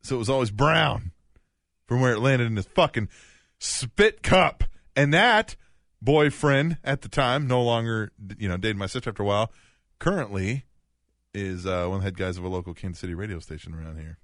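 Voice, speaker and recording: A man co-hosting a casual podcast, telling stories in a profane, animated way. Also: fairly low pitch, brisk, no room sound, clean studio sound. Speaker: podcast co-host.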